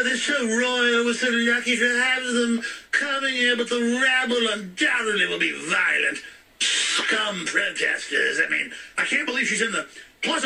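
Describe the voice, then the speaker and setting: A man's voice: very high-pitched, distant mic, heavily acted, low-quality recording. A man doing a comedy impression of a bombastic male conspiracy broadcaster putting on a snobbish English guard voice. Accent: put-on posh English. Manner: bombastic, shouting rant.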